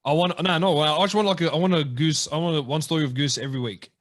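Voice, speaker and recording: A co-host fires off his lines at great speed, ribbing his friends and pitching questions to the audience. His voice sits a touch higher than most men's. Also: steady tone, a bit bright. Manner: rapid-fire, teasing banter. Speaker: podcast co-host. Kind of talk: casual podcast chat. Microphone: video call.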